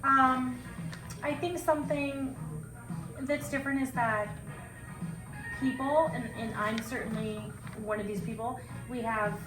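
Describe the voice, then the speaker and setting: A woman's voice: sits high, fairly even intonation, unhurried, long pauses. A woman who co-founded a salon, chatting casually in an interview, laughing easily and restarting her phrases. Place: echoey salon room. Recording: echoey room with loud background music.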